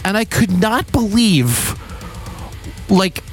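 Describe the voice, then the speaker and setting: A man's voice: high voice, big pitch swings, slow, faint music behind. A man co-hosting a casual podcast, laughing often and swearing freely. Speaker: podcast co-host. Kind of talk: casual comedic chat.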